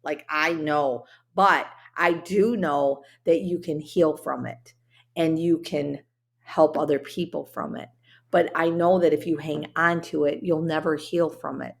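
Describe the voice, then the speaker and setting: A woman with a low, creaky voice speaks at a measured pace with fairly even intonation, hosting a solo motivational podcast. Her talk is earnest, heartfelt and chatty, full of fillers, and she becomes briefly emotional.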